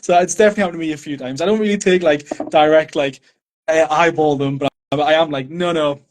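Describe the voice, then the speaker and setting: A man's voice: a little high, fairly even intonation, fast talker, a little hiss or hum. Light-voiced Geordie man, giggly. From Newcastle, England. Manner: laughs between phrases, stumbles and restarts. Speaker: podcast guest. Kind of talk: casual chat.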